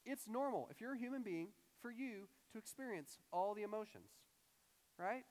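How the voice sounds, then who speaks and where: Animated young pastor in a reverberant hall. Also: male voice, sits high, normal speed. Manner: animated, conversational, acts out quoted voices. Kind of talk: sermon.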